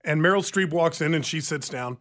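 A man co-hosting a radio talk show, telling stories in an animated, chatty way. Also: a little high, brisk. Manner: chatty storyteller, animated retelling. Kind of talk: casual chat.

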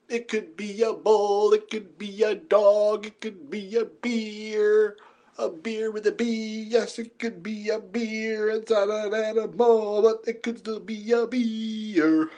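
A man's voice: high-pitched, flat delivery, takes it slowly, darkish tone. A man hosting a comedy podcast, rambling through goofy bits and silly voices.

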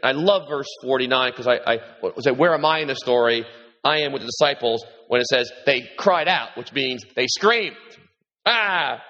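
A man preaching a sermon as pastor, animated and repeating himself, his voice lifting when he quotes Jesus. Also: normal speed. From New York. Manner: animated, repeats words, rises in pitch when quoting Jesus. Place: large hall with congregation. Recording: echoey hall, dull sound.

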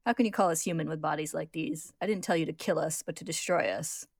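A woman's voice: low voice, quick pace, gravelly, no room sound, clean studio sound. Woman doing a smug armored killer brother. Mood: grim. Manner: smug, scoffing.

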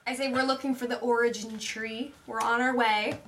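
Friendly, curious woman player, slightly high voice. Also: flat delivery, normal speed, a bit bright, far from the mic, slight background noise. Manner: friendly, inquisitive. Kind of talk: casual tabletop play.

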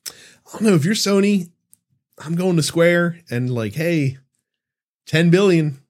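A man's voice: sits high, a little slow. A man in his thirties co-hosting a casual podcast, reading listener questions aloud and swearing casually as he chats. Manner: animated, swears casually, laughs often. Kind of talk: casual chat.

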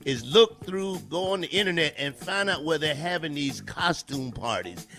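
A man's voice: on the high side, lively intonation, normal speed. A man hosting a radio show, giving mock advice in joking banter.

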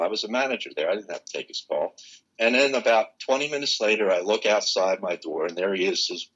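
An older man, a guest in an interview, telling a personal story in an animated way and acting out the exchanges he quotes. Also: fairly low pitch, husky, poor audio.

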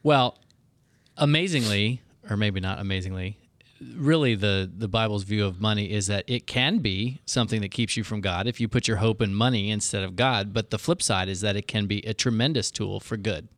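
A man in casual chat who speaks in a calm, measured way. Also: lowish voice, no room sound.

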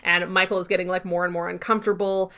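A woman co-hosting a podcast, casually recapping a TV episode with lots of fillers and quick asides. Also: on the low side, flat delivery, pushed and bright, clear, resonant tone. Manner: chatty recap with frequent fillers and laughs. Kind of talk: casual chat.

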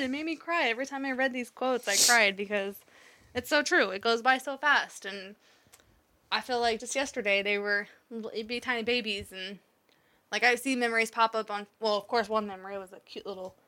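A woman's voice: a little high, pushed and bright. A woman in her thirties, a mother, candidly telling a story in casual chat, swearing now and then and laughing along the way.

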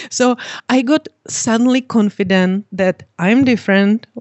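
A woman's voice: mid-range voice, a little slow, a little mellow, dry recording. A woman whose first language is not English, a fitness coach and author being interviewed, talking earnestly and giggling often. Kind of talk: conversational interview.

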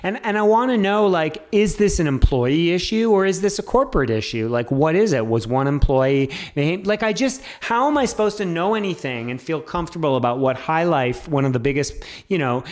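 Canadian guy on a podcast, kinda high voice, gets worked up and swears a lot. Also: a little fast, few pauses. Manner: animated, exasperated, swears when riled. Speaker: podcast co-host. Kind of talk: casual chat.

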